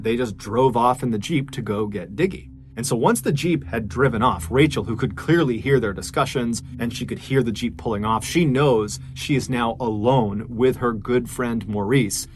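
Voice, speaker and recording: A man hosting a podcast, telling a true crime story in a conversational, earnest way. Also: mid-range voice. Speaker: podcast host.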